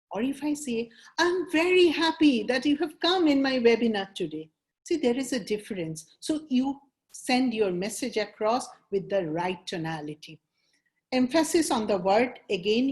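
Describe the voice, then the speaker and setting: A woman's voice: mid-range voice, a little mellow. A woman with an Indian English accent, an image consultant giving a webinar lecture and acting out example sentences with shifting emphasis.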